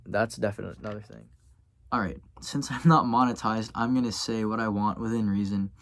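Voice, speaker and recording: A young man from Louisiana speaks to his camera. He rambles and keeps correcting himself, stopping often on fillers. He sounds tired, like someone who keeps yawning. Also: on the low side. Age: young adult. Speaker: college student vlogger. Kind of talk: casual vlog talk to camera.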